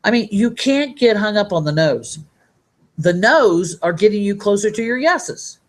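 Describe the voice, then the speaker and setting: A woman's voice: mid-range voice, animated, unhurried. A woman giving a motivational training talk to her team. She talks in an upbeat, rambling way and reads sayings aloud from a handout. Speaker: network marketing trainer.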